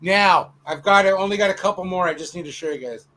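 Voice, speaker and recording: A man hosting a live stream, chatting casually and excitedly about comic books. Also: high voice, fast talker. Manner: enthusiastic, slangy, exclaiming. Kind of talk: casual chat.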